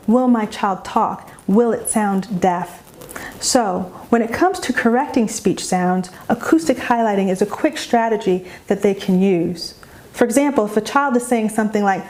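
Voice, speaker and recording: Brief: a woman educator in a mid-range voice, guiding parents with slow, measured explanations. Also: medium pitch. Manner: slow, calm, deliberate explanation. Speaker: educator for parents of young children. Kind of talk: instructional narration.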